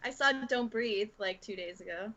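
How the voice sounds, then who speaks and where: A woman's voice: medium pitch, moderate pace, dull audio. A woman chatting casually on a podcast, offhand and hedging her opinions. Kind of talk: casual chat.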